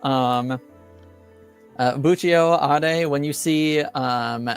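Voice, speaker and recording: Slow, smooth-voiced male game master. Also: fairly high pitch, faint music behind. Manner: hesitant, many ums. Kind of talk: narrating a tabletop game.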